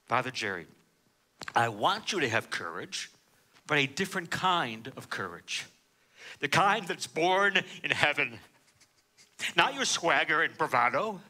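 Casting: a man playing a solemn priest, low and earnest, bright edge. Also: very animated, unhurried, pauses often, heavily acted. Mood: pleading. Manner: low, grave, earnest pleading. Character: earnest male prison priest pleading quietly.

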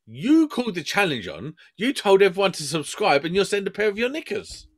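A man's voice: sits high, wildly swooping pitch, fairly quick. A man, co-hosting a podcast and ribbing his co-hosts with playful jabs. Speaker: podcast co-host. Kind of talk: casual podcast banter.

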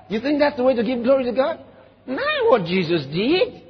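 Husky man preaching with a wide-ranging voice. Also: high-pitched, big pitch swings, fast. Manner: emphatic preaching with rhetorical questions and quoted voices. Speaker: pastor. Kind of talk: sermon. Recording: reverberant hall, dull lo-fi sound.

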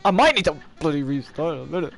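A sixteen-year-old boy streaming a game, excitable and swearing, shouting at the game. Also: on the high side, fast, vocal fry. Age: teens. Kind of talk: live gameplay commentary.

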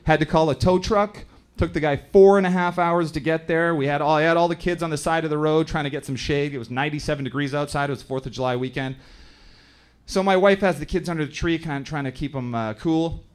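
A Canadian man in his thirties working a comedy club stage through a handheld mic. His voice sits a little high, and he tells family stories in a loose, conversational way, now and then acting out other people in quick voices. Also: steady tone, smooth. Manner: storytelling, acts out other characters in quick voices. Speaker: stand-up comedian. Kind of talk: stand-up comedy set.

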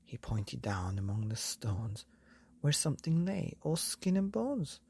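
A woman reading a rhyming story aloud at bedtime, soft and half-whispered. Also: very deep voice, very animated, unhurried, creaky, slightly rough. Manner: soft, half-whispered, sing-song rhyme.

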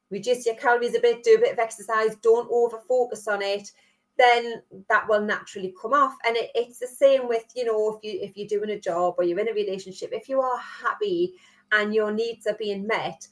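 A woman's voice: on the high side, brisk. Chatty Geordie woman co-hosting a podcast. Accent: Geordie, northeast England. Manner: chatty, leans on tag questions. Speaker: podcast co-host. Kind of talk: casual chat.

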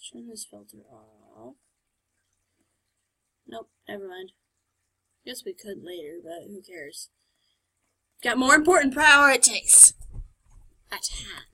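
A woman's voice: medium pitch, very animated, takes it slowly, gravelly, pauses often, sharp tone, breathy edge. Female gamer, sarcastic play-by-play, voice swings up and down a lot. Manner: chatty, sarcastic, talking back to characters. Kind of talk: let's play commentary.

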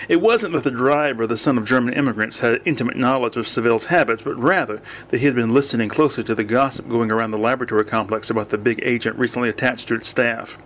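A man narrating an audiobook in a dry, measured reading voice. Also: medium pitch, fairly even intonation, fairly bright tone, a little hiss or hum.

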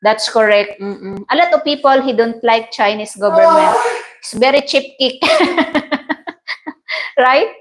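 A woman's voice: sits high, lively intonation, unhurried, pauses often, slight background noise, poor audio. A Filipino woman hosting a casual livestream, chatting, laughing often and greeting viewers by name. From Philippines. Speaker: livestream host. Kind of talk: casual livestream chat reading viewer comments.

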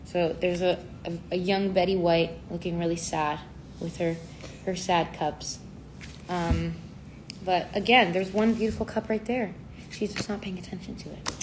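A woman's voice: lowish voice, fairly even intonation, moderate pace. A young woman in her twenties reading tarot on a casual livestream, playful and chatty. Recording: noisy home livestream audio.

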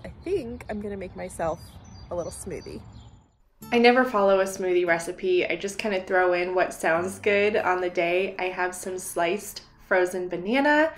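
A congested woman in her thirties, chatting casually as she vlogs her day and laughing often. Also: medium pitch. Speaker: vlogger. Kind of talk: casual vlog narration.

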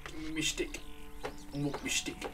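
A man's voice: measured pace, noisy background. A man giving wry, sweary commentary while playing a game. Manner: sweary, wry, talking to himself. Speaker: streamer. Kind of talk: casual gameplay commentary.

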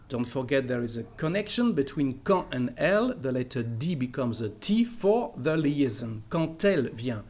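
A man teaching a language lesson, patiently repeating each phrase slowly and then fluently. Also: a little high, a little mellow. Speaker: French teacher.

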